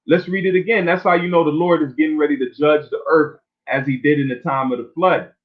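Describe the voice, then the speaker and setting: A man with a slightly high voice delivers an informal sermon. He reads scripture slowly and then explains it in loose, everyday talk, often tagging "man" onto his lines. The sound is narrow and tinny, like a phone line. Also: fairly even intonation. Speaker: preacher.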